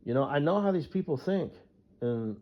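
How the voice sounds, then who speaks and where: A man's voice: fairly high pitch, expressive, normal speed. A man who drives trucks, ranting casually about a coworker, profane and rambling, chuckling to himself. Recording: dull lo-fi recording.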